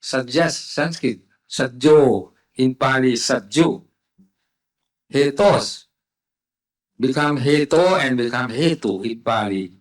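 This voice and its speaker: A man delivers a conference lecture at a very slow, deliberate pace. His voice sits at an ordinary middle pitch, and he often pauses with fillers and restarts his words mid-way. The delivery is careful and academic. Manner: slow, halting delivery with frequent fillers and self-corrections. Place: conference hall.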